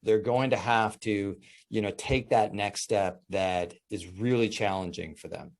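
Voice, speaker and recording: A man with a lowish voice hosts an interview. His questions are loose and conversational, and he circles the point before he lands on it. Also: fairly even intonation, measured pace, creaky, slight background noise. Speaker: interviewer and coach.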